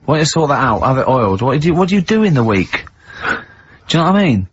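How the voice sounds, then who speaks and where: A man's voice: medium pitch, sing-song, fast talker, slight background noise. A man, co-hosting a radio show with teasing, rambling banter and frequent laughs. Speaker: radio co-host. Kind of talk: casual radio banter and storytelling. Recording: dull lo-fi radio broadcast.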